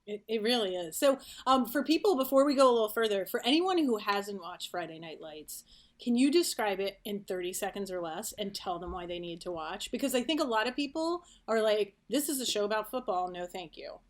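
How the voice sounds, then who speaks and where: A woman's voice: medium pitch, animated, a little fast. A woman hosting a podcast, chatting casually and telling family stories. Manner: chatty, storytelling with quoted family. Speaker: podcast host. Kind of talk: casual chat.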